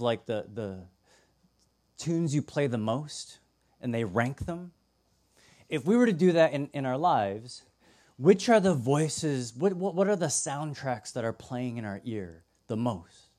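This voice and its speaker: Young male pastor, mid-pitch, casual sermon delivery, acts out voices, swings from loud to hushed. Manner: animated storytelling, acts out voices, drops to a hush.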